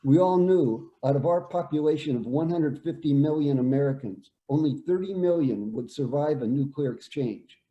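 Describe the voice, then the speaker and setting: Older man, veteran storyteller, very dark mellow tone, measured delivery, echoey room. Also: on the high side, dull audio. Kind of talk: reading a prepared personal story.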